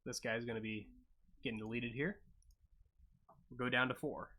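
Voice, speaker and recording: A man casually commentating a live-streamed racing game, chatty and offhand with sudden excited yelps at crashes. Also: mid-range voice, moderate pace.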